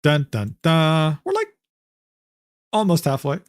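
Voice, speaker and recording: A man's voice: on the high side, brisk, pauses often, no echo, clean studio sound. A young man streaming live, reacting to a document in loose, rambling commentary full of slang fillers. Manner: rambling, filler-heavy slang with "bro" and "dude".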